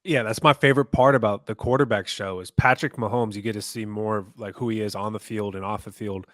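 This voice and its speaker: A man's voice: fairly low pitch, fairly even intonation, fairly quick, fairly bright tone, no echo, studio quality. A man co-hosting a sports podcast in a casual, agreeable way, chatting with his co-hosts. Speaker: podcast co-host.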